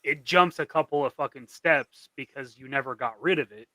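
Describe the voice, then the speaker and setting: A man's voice: mid-range voice, normal speed, bright, forceful tone, no room sound. A man in a casual chat, musing in a reflective but profane way.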